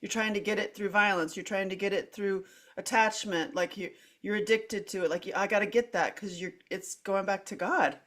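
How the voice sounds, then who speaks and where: A middle-aged woman's medium-pitched, fairly bright voice holds a steady tone at normal speed as she hosts a candid podcast conversation. Telling a personal story with animation, she uses lots of "like" fillers and restarts, acts out what she said, and laughs between phrases and through her words.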